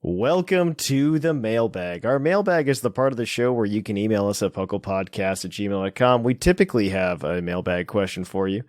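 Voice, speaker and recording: A man's voice: fairly low pitch, normal speed, few pauses, no room sound, faint music behind. Dry-sounding man hosting a podcast. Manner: relaxed, chatty, frequent fillers and laughs. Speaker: podcast host.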